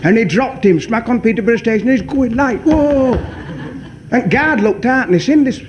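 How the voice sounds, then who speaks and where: A man, telling a stand-up joke in a broad, animated way. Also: very high-pitched, fairly quick, dull audio, a little hiss or hum. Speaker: stand-up comedian.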